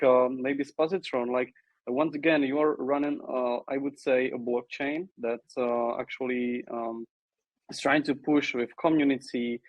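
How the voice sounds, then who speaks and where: A man hosting a podcast, asking a guest a long question haltingly with many fillers. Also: mid-range voice, dry recording, muffled recording. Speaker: podcast host. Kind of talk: casual podcast interview.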